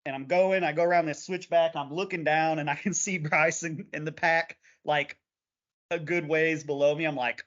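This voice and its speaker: A man co-hosting a podcast, telling a lively race story in casual chat and laughing along. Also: on the high side, normal speed. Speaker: podcast co-host. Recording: dull lo-fi podcast audio.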